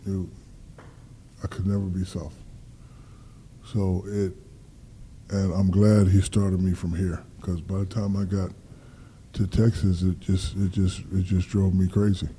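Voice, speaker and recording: An athlete in his fifties, guesting in a casual interview, tells stories with energy, acting out dialogue and swearing freely. His voice is low-pitched and his pace measured, with a little hiss or hum in the recording.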